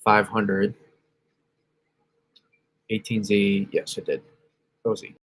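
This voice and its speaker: A man's voice: lowish voice, monotone, takes it slowly, fairly bright tone. A man hosting a casual weather stream, rambling through model maps, often correcting himself and reacting to chat. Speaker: weather channel host. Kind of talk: casual livestream weather analysis.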